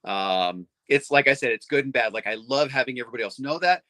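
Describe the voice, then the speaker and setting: A middle-aged man chatting casually as a comics fan, rambling and excited, with lots of restarts. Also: mid-range voice, fast, no room sound. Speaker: comics fan on a panel show. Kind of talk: casual chat.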